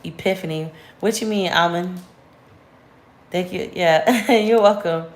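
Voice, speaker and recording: A woman's voice: fairly low pitch, unhurried. Candid woman venting in an echoey room. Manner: candid, animated, slangy, rising sharply when venting. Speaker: vlogger. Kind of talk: casual storytime chat to camera.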